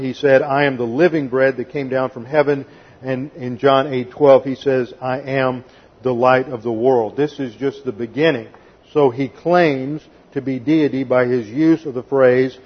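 Husky guy giving a sermon, emphatic, walks through point by point, kinda muffled lo-fi audio. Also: medium pitch. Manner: methodical, emphatic, counting off numbered points. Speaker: preacher. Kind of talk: expository sermon. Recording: dull lo-fi sermon recording.

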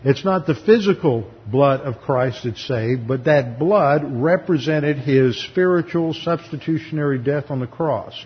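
A pastor with an unhurried, slightly rough, medium-pitched voice teaches through a Bible passage in his sermon, barely pausing. He explains it emphatically and sometimes acts out the voices of the people he quotes. The lo-fi recording comes from a reverberant hall.

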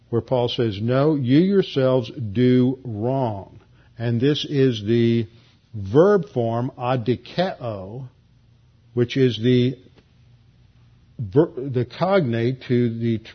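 A man's voice: medium pitch, breathy edge. A man giving an earnest expository Bible teaching, explaining word meanings with emphatic stresses and frequent restarts. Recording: dull lo-fi recording.

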